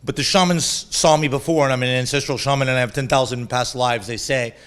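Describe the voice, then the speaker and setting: A man's voice: medium pitch, fairly even intonation, fast, fairly bright tone, clean tone. A man, a shaman guest in a casual interview, telling stories with lots of laughter and swearing, and acting out other people's voices.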